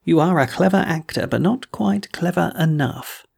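A man voicing a courteous, quietly threatening old gentleman villain in a storybook reading. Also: on the high side, lively intonation, normal speed, creaky, breathy edge, heavily acted. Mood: silkily menacing.

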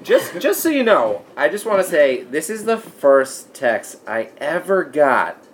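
A man's voice: on the high side, big pitch swings, unhurried. Podcast host guy ribbing his guest, mid voice, some faint hiss. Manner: teasing, jokey. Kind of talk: casual chat.

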